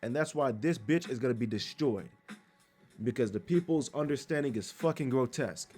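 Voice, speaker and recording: A man's voice: mid-range voice, expressive, normal speed, a little mellow, soft background music. A man preaching in a blunt, crude, scolding way, reading scripture aloud and commenting on it. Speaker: street preacher.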